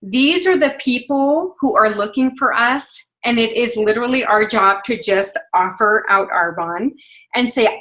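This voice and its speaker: Peppy woman hyping up her sales team on a call, highish bright voice, lots of ums. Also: unhurried, low-quality recording. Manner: upbeat, gushing, many fillers. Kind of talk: motivational conference call. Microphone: phone.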